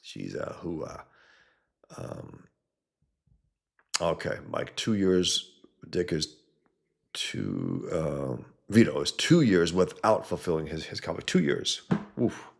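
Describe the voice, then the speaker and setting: A man with a very low voice hosts a casual livestream from his home setup. He reads viewer comments aloud and answers them bluntly, rambling along and sometimes swearing. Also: sing-song, slow pace, gravelly, long pauses. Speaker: livestream host.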